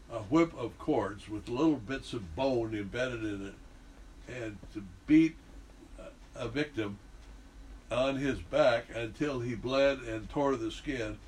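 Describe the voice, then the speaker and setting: A man leads an informal Bible lesson, reading passages and explaining them in an easygoing, halting way. His voice sits at a middle pitch. Faint background noise runs under the recording. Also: rough recording. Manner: conversational, reads scripture then explains with hesitations. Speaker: Bible teacher.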